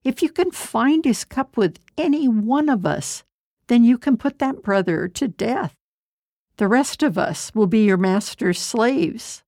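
Storybook: woman playing protesting brothers, pitch raised, slow, dry sound. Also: animated, dark tone, no room sound. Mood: indignant. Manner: indignant, protesting. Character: group of indignant grown brothers.

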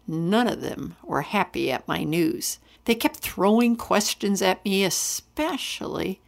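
A woman storyteller giving an expressive, dramatic first-person reading of a Bible story. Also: mid-range voice, unhurried, vocal fry, few pauses.

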